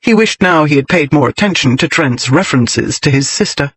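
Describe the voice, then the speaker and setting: A man reading an audiobook narration in an expressive, measured storytelling manner. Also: fairly high pitch, husky, dry recording, poor audio. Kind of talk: scripted narration.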